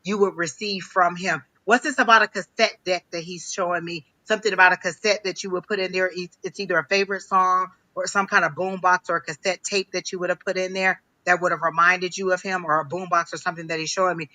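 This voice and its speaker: A man giving a live psychic reading on a stream, talking in a halting way, repeating phrases with many ums. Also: high voice, little pitch movement, bright, forceful tone, low-quality recording. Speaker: psychic reader.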